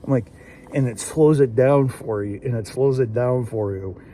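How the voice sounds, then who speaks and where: A man's voice: mid-range voice, normal speed, mellow, slight background noise. A man hosting a casual solo episode review, rambling with many fillers and restarts. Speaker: show host reviewing an anime episode.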